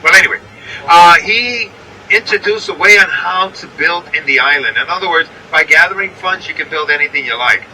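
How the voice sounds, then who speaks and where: A man's voice: a little high, brisk, sharp tone, recorded from a distance, a little hiss or hum, poor audio. A man with a New York accent guiding a bus tour, chatty and checking in with his listeners as he points out sights from a moving vehicle. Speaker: tour guide. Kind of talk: guided bus tour narration.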